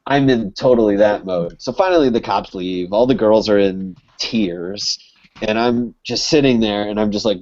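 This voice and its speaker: His voice lowish and a bit mellow, a young guy from Connecticut rambles through a lengthy tale on a podcast, swearing freely and plugging each pause with "like." The podcast recording sounds dull and lo-fi.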